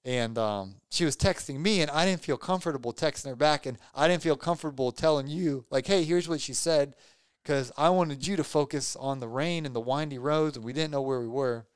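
A man's voice: mid-range voice, brisk, few pauses, clear, resonant tone, no echo. A man in casual chat, telling a rambling story and teasing his friend.

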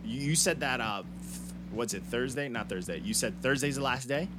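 A man's voice: medium pitch, normal speed, background noise. A man hosting a podcast, talking in a loose, slangy way with easy laughter and plenty of swearing. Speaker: podcast host. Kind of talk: casual chat.

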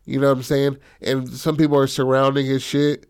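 A man's voice: mid-range voice, completely flat delivery, brisk, a little mellow, clear, resonant tone. A man in casual chat, retelling a film story in slangy, profane talk full of fillers. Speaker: co-writer pitching a film story.

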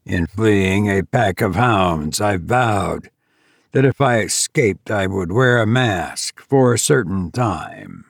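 A man voicing a mysterious masked male stranger in a forest, speaking old-fashioned courtly words in a low, hushed tone. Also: lively intonation, slow, creaky, no echo, clean studio sound, exaggerated voice. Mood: sinister calm.

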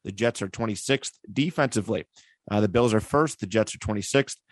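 A man's voice: lowish voice, brisk, no echo, studio quality. A man hosting a casual sports podcast, running the picks and reading stats off a list. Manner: runs the segment, reads stats off a list. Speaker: podcast host.

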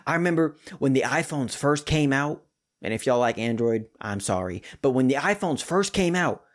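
Animated man preaching on a podcast. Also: moderate pace. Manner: animated, swings high for jokes and drops to hushed emphasis. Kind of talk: casual podcast sermon.

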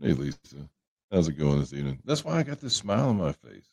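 Livestream host, male, very low gravelly voice, dark tone, rambling and joking with chat. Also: very animated, fast, no echo. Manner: rambling, joking, greets viewers by name. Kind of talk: casual chat with viewers. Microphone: headphones on a livestream setup.

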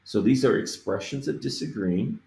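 A man teaching Spanish phrases, repeating each one slowly and carefully with every letter spoken, in a deliberate lesson manner. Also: mid-range voice, lively intonation, creaky, warm tone, reverberant.

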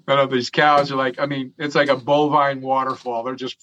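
A middle-pitched male voice recounts an old adventure in a loose, rambling way, cursing casually and breaking into chuckles. The recording is somewhat dull and lo-fi, without much crispness. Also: flat delivery, fairly bright tone, slight background noise. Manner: profane, chuckling, drawn-out storyteller. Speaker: interview guest telling a story. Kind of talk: casual storytelling.

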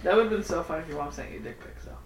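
A woman's voice: sits low, racing, slight background noise. A woman in casual chat, joking and laughing with friends. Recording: roomy, from a distance.

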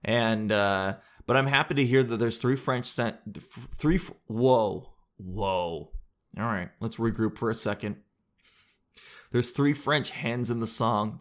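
A man's voice: medium pitch, fairly bright tone. A young man, vlogging in a joking, rambling monologue full of loose asides. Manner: joking, self-deprecating, meandering with loose asides.

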